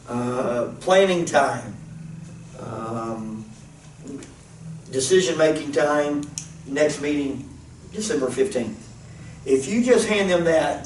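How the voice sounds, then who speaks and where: Pastor man, distant in a roomy space. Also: on the high side. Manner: earnest, repeats himself as he thinks. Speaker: pastor leading a planning discussion. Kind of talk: casual teaching talk. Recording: roomy, distant mic, faint noise.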